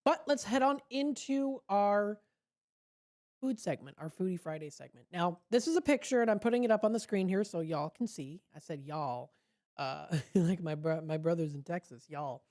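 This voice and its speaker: A woman's voice: lowish voice, lively intonation, moderate pace, a little mellow. A woman hosting a casual food segment on local radio, chatty and upbeat, laughing at her own jokes, speaking into a studio microphone.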